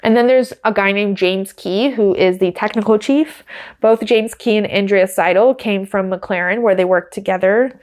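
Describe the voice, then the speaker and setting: A woman's voice: mid-range voice, normal speed, darkish tone. A woman hosting a podcast, giving casual, wry commentary with lots of fillers. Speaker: podcast host.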